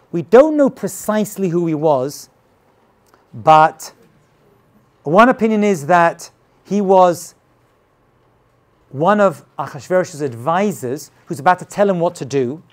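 Male rabbi, lively casual storyteller with expressive, swinging pitch. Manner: dramatic, casual, retells scenes with acted quotes. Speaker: rabbi teaching. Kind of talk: animated storytelling lesson.

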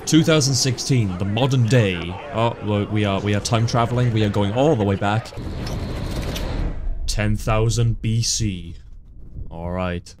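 A man casually commentating his own gameplay, joking around and swearing often in excited reactions. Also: lowish voice, moderate pace, few pauses, background noise. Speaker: gaming YouTuber. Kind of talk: casual let's play commentary.

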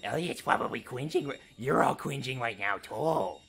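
A man's voice: mid-range voice, animated, normal speed, creaky, a bit bright, a little hiss or hum, pitched above the performer's own voice. A man putting on an exaggerated, gushing voice for a mock online persona, talking in a sing-song way.

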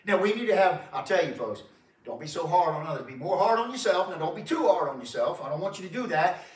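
Preaching fast in a high voice with lively intonation, a man leads a sermon as pastor of a church. His manner is folksy and repetitive, full of chuckles and "folks," and the distant mic gives it a roomy church sound.

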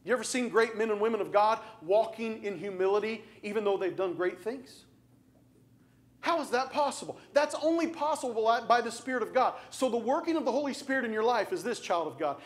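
Male preacher, high-pitched, emphatic delivery with repetition and direct questions. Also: expressive, fairly quick. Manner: emphatic, repeats phrases for stress; asks the congregation direct questions. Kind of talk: sermon.

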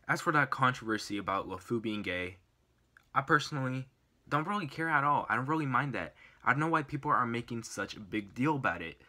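A man's voice: medium pitch, pushed and bright. A young man giving a casual, enthusiastic movie review, rambling with fillers and restarts.

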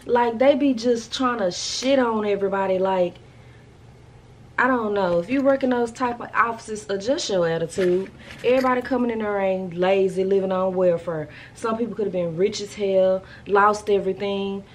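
A woman vlogger telling stories in a casual, animated, colloquial way. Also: mid-range voice, moderate pace, slight background noise. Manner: chatty, animated, colloquial storytelling. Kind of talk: casual storytelling chat.

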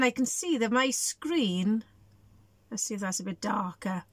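Woman, teacher, storybook reading, high, very expressive, slow, dry recording. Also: dry recording. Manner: animated and chatty, asks questions.

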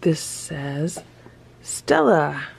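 Slow, gravelly-voiced woman gushing over gifts. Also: big pitch swings, slight background noise. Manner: delighted, gushing, slips into soft whispers and high cooing at her cat. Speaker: cat rescue video host. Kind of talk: casual unboxing chat to camera.

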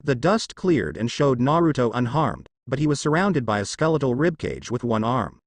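A man narrating a fanfiction story in a steady storytelling manner. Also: medium pitch, moderate pace, hardly any pauses, no room sound. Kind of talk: fanfiction reading.

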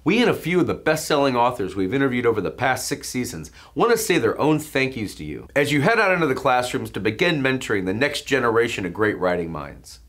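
A man's voice: mid-range voice, very animated, fairly quick, few pauses, a bit bright. A man hosting an author interview show, giving a formal, announcer-like scripted introduction. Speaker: host.

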